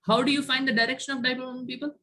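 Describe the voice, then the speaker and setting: A man's voice: very high voice, little pitch movement, very fast, bright, forceful tone. A male chemistry teacher giving an online class, quizzing students and tagging his points with "right?". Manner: quizzes students, frequent "right?" tag questions. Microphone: video call.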